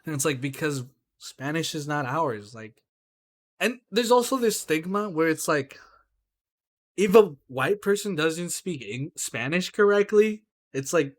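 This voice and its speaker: A podcast co-host with a fairly high voice and measured pace gets heated in casual chat. Animated and swearing, he keeps throwing in "right?" and "bro."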